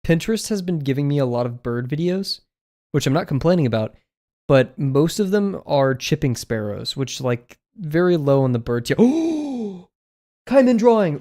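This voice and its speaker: A man's voice: medium pitch, expressive, moderate pace, a little mellow. A man chatting casually on a live stream while he draws, rambling through asides with lots of filler words. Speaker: drawing streamer.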